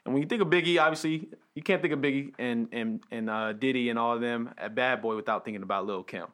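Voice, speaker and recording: A man hosting a casual podcast chat, laid-back and filling pauses with "like" and "um". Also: medium pitch, a bit bright. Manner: laid-back, many fillers like "like" and "um". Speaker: podcast host.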